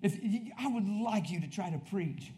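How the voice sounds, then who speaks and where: High-pitched passionate male preacher. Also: animated, moderate pace. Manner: intense, shouting bursts then quiet confiding asides. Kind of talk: passionate sermon. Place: church.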